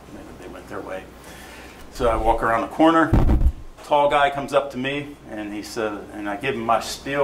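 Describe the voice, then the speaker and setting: A middle-aged man tells a story at a live event and acts out each exchange with real animation. His voice sits at an average pitch. The room is echoey, with a faint hum of noise behind him. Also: normal speed. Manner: animated storyteller acting out quoted dialogue. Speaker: newspaper photojournalist telling a story at an event. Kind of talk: storytelling talk to an audience. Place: event hall.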